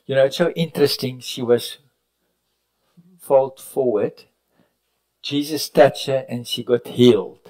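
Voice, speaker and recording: A man preaching a sermon at a retreat, telling stories, rising to loud cries and dropping to near whispers, sometimes correcting himself mid-sentence. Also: mid-range voice, a little slow, pauses often, low-quality recording. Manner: preaching with sudden rises and hushed drops; storytelling with self-corrections. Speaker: pastor. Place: retreat meeting room.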